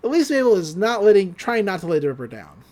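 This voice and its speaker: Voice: medium pitch, sing-song, quick pace, darkish tone. A podcast host recapping a cartoon episode in casual chat, laughing often and acting out the characters' lines.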